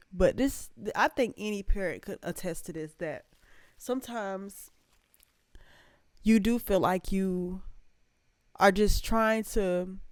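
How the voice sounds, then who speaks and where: A woman's voice: medium pitch, darkish tone, clear, resonant tone, no room sound, clean studio sound. A young adult woman hosting a reaction video, chatting casually and with heart, talking straight to her viewers. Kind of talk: casual emotional reaction chat.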